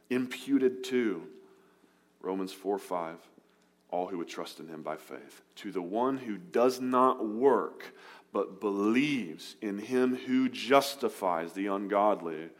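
Man, pastor, sermon, lowish voice, earnest, emphatic then hushed. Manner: earnest preaching, drops low and soft on key words, lifts for emphasis.

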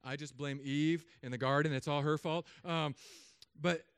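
A man in his thirties from Southern California, a pastor giving a humorous sermon with animated storytelling and put-on voices. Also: on the high side, normal speed, clean tone, dry recording, clean studio sound.

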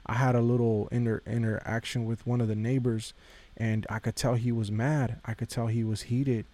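A man's voice: medium pitch, little pitch movement, moderate pace, dark tone. A man hosting a podcast, giving a casual devotional talk in a conversational way, repeating phrases and addressing listeners directly. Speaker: podcast host.

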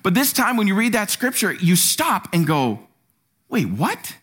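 A man preaching a sermon in a church, animated and acting out quotes. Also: normal speed. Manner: animated, acts out quotes with sudden pitch jumps. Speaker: pastor.

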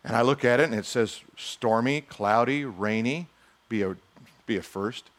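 A man's voice: medium pitch, moderate pace. A male pastor preaching a sermon in a conversational style, with humorous asides and acted-out quotes.

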